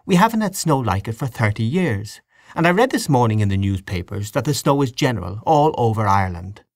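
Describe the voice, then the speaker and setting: A man voicing an excitable young woman hostess in a storybook reading, with high, eager exclamations. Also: fairly quick, dry recording, clean studio sound.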